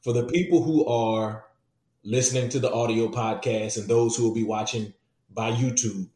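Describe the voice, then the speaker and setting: A man with a mid-pitched voice hosts a podcast in an echoey room. He speaks in an encouraging, affirming way as he steers the interview. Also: fairly even intonation, normal speed, warm tone. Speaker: podcast host. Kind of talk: interview chat. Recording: roomy echo.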